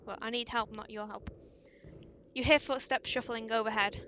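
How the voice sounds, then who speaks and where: A woman reading a visual-novel fangame aloud, stumbling over lines and breaking off into awkward asides, with steady background noise. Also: on the high side, moderate pace. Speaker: game player.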